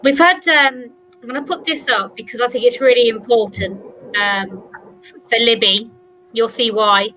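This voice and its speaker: Bright-voiced woman hosting a chat. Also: on the high side, moderate pace, a little hiss or hum, rough recording. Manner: reads out viewer questions. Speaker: host. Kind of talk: casual interview chat.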